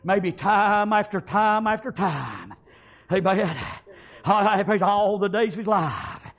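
A male preacher telling a story in a sermon, punctuated with amens and shouted lines. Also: high voice, expressive, slow pace.

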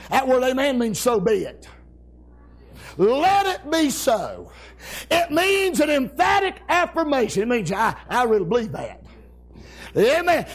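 A man preaching a revival sermon, hollering amens and shouting with exuberant celebration. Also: very high voice, slightly rough.

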